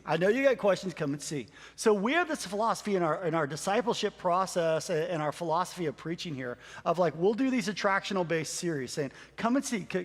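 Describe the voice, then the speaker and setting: A pastor with a high voice introduces the sermon, acting out quoted lines with animation. A long reverb trails his words, as in a big hall.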